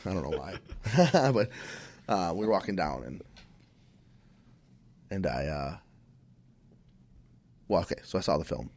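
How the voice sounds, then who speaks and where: A man's voice: low-pitched, lively intonation, unhurried, long pauses, a little mellow. A man from Minnesota, a podcast guest, telling a casual, rambling story full of restarts and fillers.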